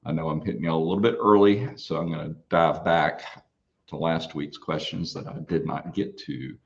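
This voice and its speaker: A man hosting a casual live Q&A from a small studio, talking in a relaxed, folksy way with plenty of fillers and restarts. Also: extremely low pitch, moderate pace, creaky, lo-fi sound. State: out of breath. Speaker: parts company host answering viewer questions.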